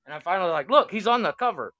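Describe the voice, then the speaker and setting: A middle-aged man co-hosting a casual podcast, swearing and acting out quotes with animated energy. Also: high voice, very fast, no echo, dull audio. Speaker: podcast co-host.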